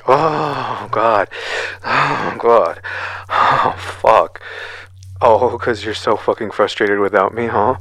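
Man, whispered role-play, low-set and tense, dominant and taunting, breathy close-mic delivery. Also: sharp tone. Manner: domineering, taunting, frequent heavy sighs. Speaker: audio role-play performer.

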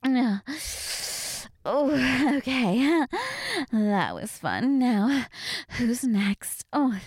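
A woman voicing a defiant young waitress in a scripted audio role-play, teasing and sarcastic, then pleading, with a breathy voice. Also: big pitch swings, very slow, a little mellow, no echo, studio quality, heavily acted. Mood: bratty. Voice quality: breathy, swings between low murmurs and high cries.

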